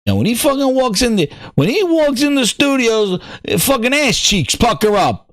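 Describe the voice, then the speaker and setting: A fired-up man with a high, bright voice rants about games, his pitch leaping all over as he swears and repeats himself. The sound is close and dry, with no room around it. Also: very animated, normal speed, dry recording. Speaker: podcast host. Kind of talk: profane ranting gaming commentary.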